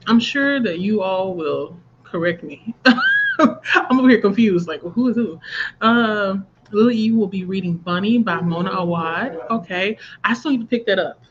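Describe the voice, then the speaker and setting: A woman's voice: medium pitch, normal speed, highs cut off, a little hiss or hum. Chatty woman livestreaming a reading sprint. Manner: chatty, reads viewer comments aloud, laughs often. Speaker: book channel host running a reading sprint livestream. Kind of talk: casual livestream chat.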